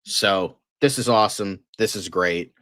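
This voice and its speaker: A man with a fairly low voice hosts a loose news livestream, chatting excitedly and swearing often. He rambles with plenty of fillers, and his voice sounds dry and close, with no room echo. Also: measured pace. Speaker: host of a fan news livestream. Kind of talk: casual livestream news chat.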